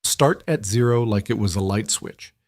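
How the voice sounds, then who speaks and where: Calm gentle janitor mentor read by a man, low voice, dry sound. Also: moderate pace, gravelly, no room sound. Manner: gentle but firm. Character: calm patient male janitor mentor, adult.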